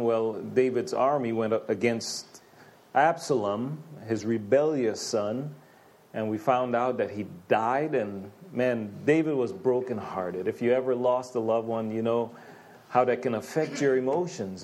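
A man's voice: mid-range voice, darkish tone. A man preaching a sermon as pastor, conversational and full of rhetorical questions, with frequent stammering restarts.

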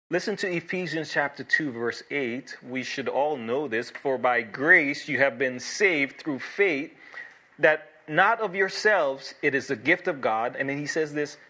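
A pastor delivers an evening sermon with a bright, forceful tone and a slightly high voice. He preaches earnestly and emphatically, leaning on dramatic pauses and repeating key phrases for weight. His delivery rises and falls between urgent appeals and quiet, reassuring moments.

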